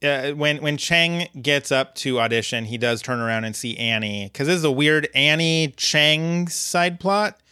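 A man co-hosting a podcast, recapping an episode in a relaxed way with dry humor and lots of ums. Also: on the high side, unhurried, few pauses, clear, resonant tone, dry recording. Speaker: podcast co-host.

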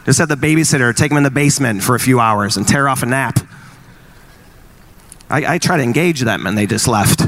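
A married man in his forties doing stand-up comedy, teasing the crowd and acting out quick exchanges in wry bits. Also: mid-range voice, lively intonation, fairly bright tone, a little hiss or hum. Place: live venue with an audience.

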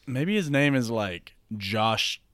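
A man's voice: mid-range voice, lively intonation, slow pace, a bit bright, no echo. A man in casual chat, rambling through a made-up movie plot and filling it with "like" and "you know".

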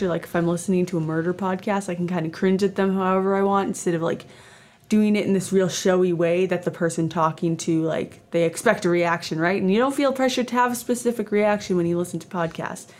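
A woman's voice: fairly low pitch, steady tone, brisk. Twenty-something canadian woman just rambling on her podcast, lots of likes and ums, kinda self-deprecating. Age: 20s. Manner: chatty, rambling, self-deprecating with many fillers. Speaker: podcast host. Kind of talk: casual solo podcast monologue.

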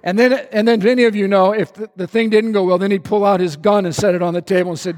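Male pastor, high gravelly voice, lively humorous preaching, echoey hall. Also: fast talker, few pauses. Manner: animated, conversational preaching with humor. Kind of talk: sermon.

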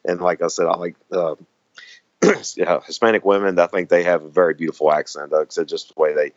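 A man's voice: sits low, steady tone, brisk, dry recording, lo-fi sound. A man with a Southern American accent, chatting casually as a guest, rambling with lots of fillers and restarts. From Southern United States. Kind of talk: casual chat.

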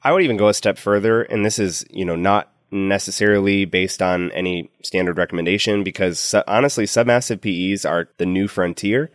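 A man's voice: deep voice, a little fast, hardly any pauses, no room sound, clean studio sound. A man speaking as a clinician co-host on a medical teaching podcast, explaining in an opinionated way.

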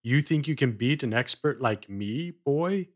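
A man voicing a boastful, gruff veteran male acrobat who growls and mocks. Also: medium pitch, animated, a little slow. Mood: gruff, mocking. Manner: growling, mocking.

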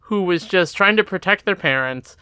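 A woman co-hosting a casual chat in an animated, chatty way. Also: fairly low pitch, normal speed, smooth, no echo, studio quality. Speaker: podcast co-host.

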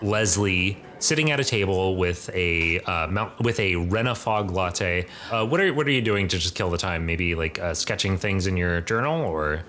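A man's voice: low voice, moderate pace, hardly any pauses, pushed and bright. Rambling man as game master. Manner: rambling, filler-heavy. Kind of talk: narrating a tabletop game.

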